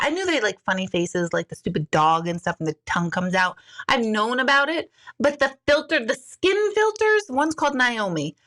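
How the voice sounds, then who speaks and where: A woman's voice: fairly high pitch, fairly bright tone. A woman in her forties chatting candidly on a live stream, rambling with many fillers and jumping into exaggerated quoted voices. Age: 40s. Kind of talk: casual live-stream chat.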